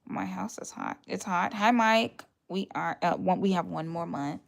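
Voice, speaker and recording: A woman's voice: lowish voice, normal speed, creaky. A woman, hosting a casual livestream, chatting with viewers, laughing often and acting out what people told her. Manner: retells conversations in put-on voices. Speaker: livestream host.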